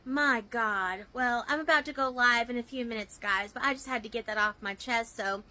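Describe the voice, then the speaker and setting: A woman vlogging a heated, indignant rant about her work as a mystery shopper. Her voice is high and very bright, almost piercing. She talks emphatically. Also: normal speed, rough recording. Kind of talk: casual vlog rant.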